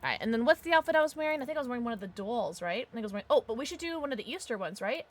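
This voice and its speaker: A woman streaming a game, chatting casually and excitably with quick exclamations, swearing and laughing often. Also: on the high side. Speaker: livestreamer. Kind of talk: casual gameplay commentary.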